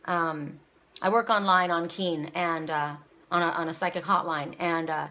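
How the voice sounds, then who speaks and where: A woman's voice: on the low side, fairly even intonation, measured pace, bright, forceful tone. A woman giving a casual, rambling spoken oracle reading, repeating her words and near tears at times. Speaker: psychic reader. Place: home, seated.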